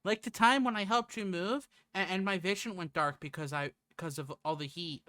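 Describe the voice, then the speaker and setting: A woman streaming a visual novel, chatting casually with a giggly, self-deprecating manner and bursts of shrill put-on voices. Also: normal speed, a bit bright, dry recording, studio quality. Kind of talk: casual gaming stream chat.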